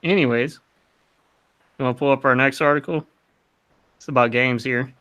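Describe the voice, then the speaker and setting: A man's voice: mid-range voice, fairly even intonation, normal speed, bright, forceful tone. A man co-hosting a casual tech podcast, reading news items aloud in a profane, offhand way.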